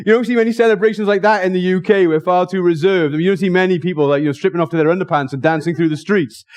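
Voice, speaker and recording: A male preacher with a slightly high voice, talking fast and with real excitement. He is jokey and casual, often rushing and restarting his sentences as he preaches to a church. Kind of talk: sermon.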